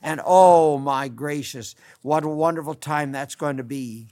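An older man delivers a radio sermon in a somewhat high voice. He pleads fervently with his listeners and swells to loud emphasis before sinking to soft, earnest tones. His scripture quotes come in old-fashioned wording. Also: unhurried, hardly any pauses. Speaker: radio preacher.

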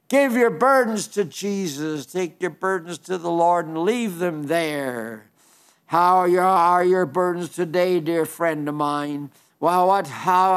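A man preaching a radio sermon in an earnest, pleading way, slowing down to read scripture and poetry aloud. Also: sits high, clean tone.

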